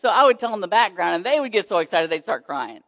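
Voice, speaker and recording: Gravelly woman telling a faith testimony. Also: medium pitch, fast talker. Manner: animated storytelling, squealing excited quotes. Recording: dull muffled sound with long hall reverb.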